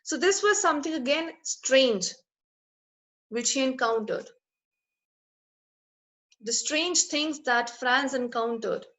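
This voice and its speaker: Woman, teacher, line-by-line explanation, repeats and rephrases, slightly high pitch. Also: animated, takes it slowly, long pauses, fairly bright tone, low-quality recording.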